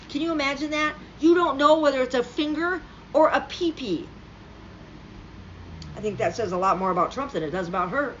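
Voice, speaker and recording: A woman delivering a profane, sarcastic political rant straight to the camera. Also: a little high. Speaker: political commentator. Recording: slightly dull lo-fi recording with faint background hum.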